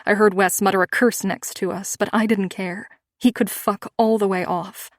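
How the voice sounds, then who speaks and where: A woman serves as narrator for a first-person romance audiobook, her middle-pitched voice measured yet expressive. The recording is dry and close, free of room sound.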